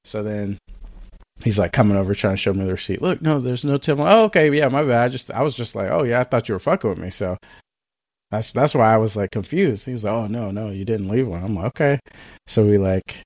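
A man's voice: on the low side, expressive, fast talker, darkish tone, no echo, clean studio sound. A man co-hosting a podcast, telling a story in a casual chat and acting out both sides of it. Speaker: podcast co-host.

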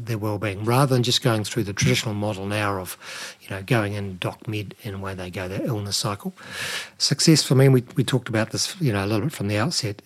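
A middle-aged man with a slightly husky voice talks as an interview guest. He explains at an even pitch, leaning on "you know" and small restarts as he goes. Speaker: nutrition expert guest. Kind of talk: conversational interview.

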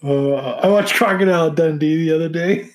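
Rambling, laughing man, slightly high. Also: brisk, slight background noise. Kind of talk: casual podcast chat.

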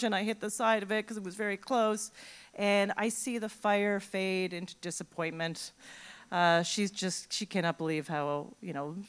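Middle-aged woman spinning a funny story, smooth clear voice, lively and self-mocking. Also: mid-range voice. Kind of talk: live storytelling.

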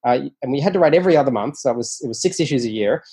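A man's voice: medium pitch, rapid-fire, husky. A man being interviewed about his writing, telling stories casually and animatedly, with lots of fillers and playful quoted dialogue. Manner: animated, often acts out quoted dialogue in a raised voice; chatty, many fillers and restarts. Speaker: interview guest, nonfiction author. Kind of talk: casual conversational storytelling.

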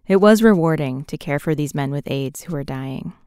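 A woman reads documentary narration in a measured, even manner. Her voice is smooth and resonant and sits fairly low. The recording is dry and close. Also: dry recording.

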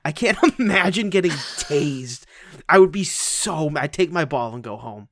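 A man co-hosting a casual podcast chat, excitable and crude, jumping into high-pitched voices to act out quotes. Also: normal speed. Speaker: podcast co-host.

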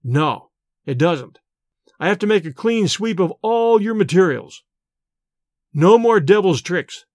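A man's voice: high voice, expressive, a little slow, long pauses, darkish tone, dry recording, studio quality. A man voicing a stern, cold young man who speaks in short, clipped lines.

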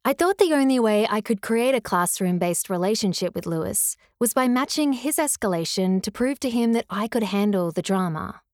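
A woman narrating her own memoir as a former teacher, in a measured, earnest and reflective way. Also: mid-range voice, expressive, a little mellow, no room sound. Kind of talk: scripted first-person memoir narration.

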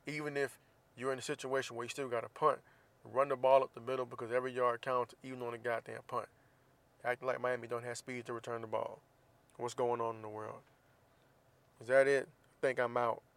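A man's voice: medium pitch, flat delivery, fairly quick, fairly bright tone. A man hosting a casual solo podcast, venting bluntly and profanely about college football. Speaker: podcast host.

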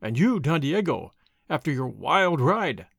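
A man reading the part of an older ranch host, loud and placating. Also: fairly high pitch, sing-song, unhurried, creaky, no echo, clean studio sound, voice pushed down, heavily acted.

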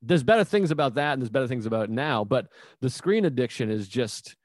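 A man in his thirties hosting a casual podcast interview, musing aloud and asking relaxed follow-up questions. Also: medium pitch, brisk, no room sound, clean studio sound. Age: 30s. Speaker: podcast host.

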